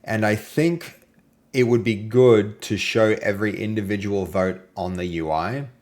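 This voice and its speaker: An Australian man hosting a live game-development stream, chatting casually and playfully with viewers and sometimes trailing off into low mutters as he reads and works. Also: unhurried, darkish tone. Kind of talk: casual live-stream chat while coding.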